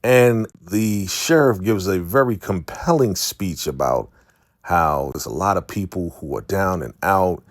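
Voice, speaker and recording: A man's voice: low-pitched, animated, measured pace, dry recording, studio quality. A man casually recapping a TV episode for his viewers, chatty and calling them family. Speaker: recap host.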